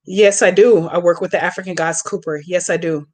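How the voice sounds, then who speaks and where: A woman with a slightly low voice talks casually on a live stream, answering viewers' comments one by one. She is blunt and outspoken, swears freely, and speaks to her audience by name. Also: steady tone, fairly quick.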